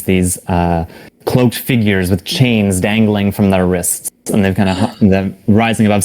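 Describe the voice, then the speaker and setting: A man running a tabletop game as game master, setting scenes in relaxed, vivid detail. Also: deep voice. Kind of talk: descriptive narration of a tabletop game.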